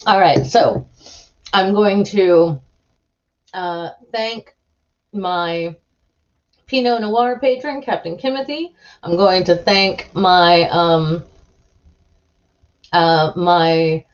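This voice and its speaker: A woman's voice: mid-range voice, muffled recording. A woman hosting a live stream, chatting casually in a giggly, rambling way with lots of restarts.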